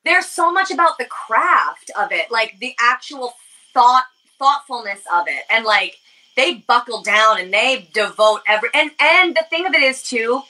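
A woman's voice: fairly high pitch, expressive, moderate pace, bright, forceful tone, poor audio. A young woman from the United States hosting a podcast, chatting casually with many fillers. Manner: casual, filler-heavy, lots of "like". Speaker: podcast host. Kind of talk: casual chat.

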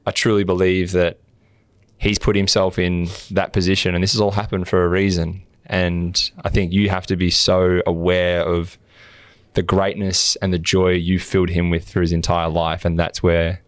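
A man with a deep, flat, smooth voice recorded dry and close. He co-hosts a podcast and speaks earnestly and encouragingly. His delivery is steady and motivational. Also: moderate pace, no room sound. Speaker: podcast co-host. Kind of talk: casual podcast chat.

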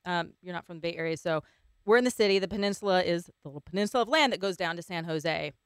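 A woman hosts a podcast and talks quickly with her guest. Her voice is smooth and clear, and her tone is playful and teasing. The recording is dry and close. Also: on the low side, no echo. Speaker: podcast host. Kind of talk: casual podcast chat.

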